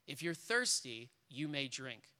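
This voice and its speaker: A man reading aloud as a calm, majestic male lion from a storybook, speaking slowly and gravely. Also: mid-range voice, voice pushed down, exaggerated voice. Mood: solemn. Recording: reverberant hall.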